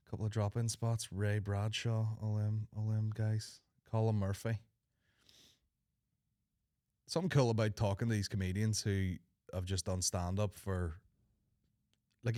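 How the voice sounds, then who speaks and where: A man's voice: fairly low pitch, a little mellow, dry recording, clean studio sound. A man in his thirties with a Northern Irish accent, hosting a comedy podcast with crude, sweary, jokey chat. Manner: crude, sweary and jokey, slipping into mock voices. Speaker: podcast host.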